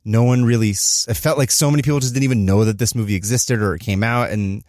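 A man's voice: medium pitch, steady tone, a little mellow, no echo, studio quality. A man in his thirties co-hosting a podcast, rambling with lots of fillers. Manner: rambling, filler-heavy, quick talk. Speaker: podcast co-host. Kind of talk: casual chat.

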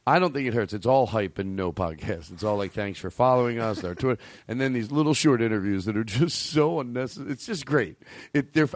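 A man's voice: lowish voice, no echo. A man hosting a comedy podcast, chatting casually and rambling through self-corrections. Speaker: podcast host.

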